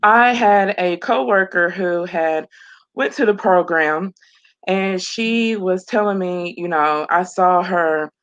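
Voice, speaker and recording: A woman's voice: on the low side, takes it slowly, a bit bright, highs cut off. A woman, a mother of twins, telling her personal story as an interview guest in an earnest way, often repeating phrases. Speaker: program graduate guest. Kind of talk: emotional personal testimony.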